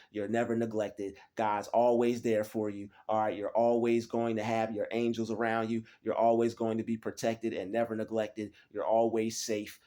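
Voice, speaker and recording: A man's voice: fairly low pitch, darkish tone. Man chanting repetitive spiritual affirmations. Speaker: spiritual vlogger. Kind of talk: motivational spiritual talk. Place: small private room.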